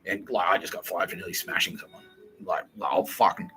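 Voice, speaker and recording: Rambling podcast host, lowish voice with a hard, tense edge, profane and laughing. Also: male voice, fairly quick, pushed and bright, soft background music, poor audio. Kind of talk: rambling comedic monologue.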